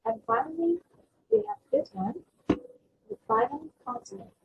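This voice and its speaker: A young woman student presenting a pronunciation lesson, reading example words slowly and carefully. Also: sits high, big pitch swings, slight background noise. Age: young adult. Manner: slow, careful reading of word lists. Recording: slightly dull lo-fi recording.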